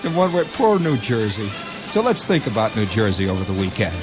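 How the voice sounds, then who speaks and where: A man's voice: on the low side, big pitch swings, a little fast, music in the background. A man hosting a radio show, telling a rambling comic story in a wry, storytelling manner with mock-military asides, on a lo-fi old broadcast recording. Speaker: radio host.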